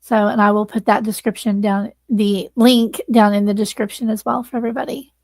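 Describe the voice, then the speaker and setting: A woman's voice: medium pitch, flat delivery, brisk, a little mellow, no room sound. A woman hosting a livestream, earnestly thanking viewers and close to tears. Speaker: livestream host. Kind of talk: casual livestream sign-off.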